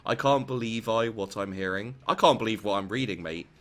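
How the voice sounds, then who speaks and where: A man's voice: lowish voice, fairly quick. A man hosting a casual gaming stream, joking with friends, laughing often and restarting his sentences. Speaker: streamer host.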